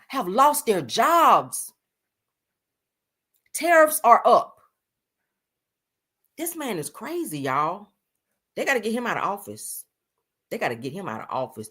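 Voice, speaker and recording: A woman's voice: a little high, pushed and bright. A woman from the US giving blunt, profane, sassy live-stream commentary, full of emphatic repeats.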